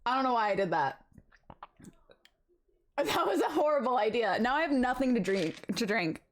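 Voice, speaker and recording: A woman's voice: on the high side, big pitch swings, normal speed. A young woman chatting casually with her live-stream chat from home, bubbly and rambling, laughing often.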